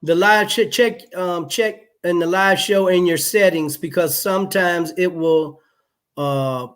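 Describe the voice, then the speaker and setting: A co-host in casual livestream chat, calm and laid-back, reading out advice and asking questions. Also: mid-range voice, a little slow. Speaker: guest co-host.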